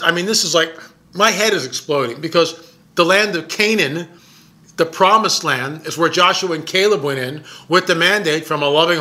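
A man who makes documentaries, telling a story in an excited, emphatic way and often repeating his words. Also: on the high side. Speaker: documentary filmmaker. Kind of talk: casual storytelling monologue.

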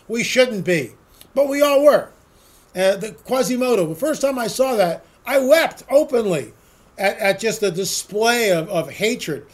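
A man giving an opinionated solo commentary, sarcastic and ranting, firing off rhetorical questions to his listeners. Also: high voice. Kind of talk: opinionated monologue.

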